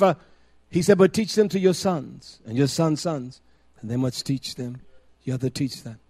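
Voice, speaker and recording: An older man preaching a sermon, moving from quiet storytelling to loud, emphatic preaching with heavy repetition. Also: a little high, animated, normal speed, breathy edge.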